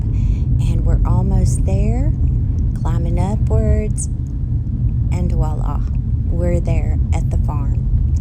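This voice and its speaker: Grandmother, vlog host; slow, homey delivery, a bit low; loud road noise in the car. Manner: slow, homey, says y'all. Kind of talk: casual chat while driving. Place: car on rural roads.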